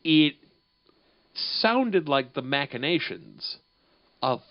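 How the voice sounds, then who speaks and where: A man's voice: on the high side, sing-song, slow. A man co-hosting a podcast in casual chat, rambling through profane, laughing banter. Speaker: podcast co-host. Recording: dull lo-fi podcast audio.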